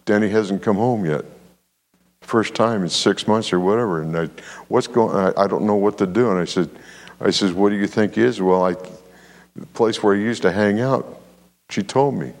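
A pastor with a lower voice, speaking at normal speed, delivers a sermon in a large hall. He tells a lively story and draws call-and-response amens from the congregation.

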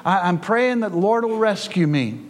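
A man's voice: high-pitched, animated, moderate pace, big-room sound. A male preacher voicing a stubborn man stranded on a flooded roof, insisting and pleading in prayer.

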